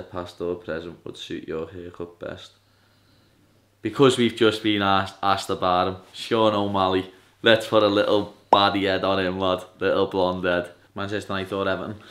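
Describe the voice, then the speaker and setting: A young man with a Scouse accent, chatting casually in a vlog, loud and swearing, saying "lad" every few words. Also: sits low. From Liverpool, England. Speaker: fighter vlogging.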